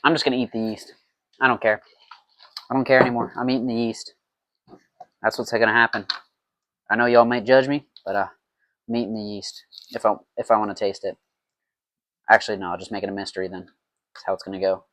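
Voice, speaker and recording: A man's voice: fairly low pitch, steady tone, brisk, pauses often, fairly bright tone, dry recording. A man talking to himself in a playful, rambling way while making mead at home, in a casual brewing vlog. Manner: rambling, playful self-talk.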